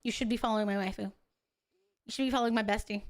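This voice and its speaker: A woman's voice: medium pitch, fairly even intonation, very fast. A young adult woman streaming a game, talking casually with chat, swearing and laughing in exasperation between affectionate greetings. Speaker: VTuber streamer.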